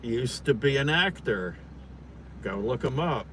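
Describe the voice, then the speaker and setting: A man's voice: medium pitch, animated, measured pace, a bit bright, a little hiss or hum. Agreeable man chiming in outdoors. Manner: agreeable, short interjections. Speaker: companion chiming in. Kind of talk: casual chat. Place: outdoors by a street. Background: passing cars.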